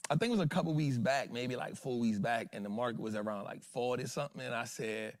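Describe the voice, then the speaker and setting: A man's voice: medium pitch, quick pace, dry recording, clean studio sound. A man hosting an investing show in casual livestream talk, slangy and emphatic, throwing rhetorical questions at his viewers.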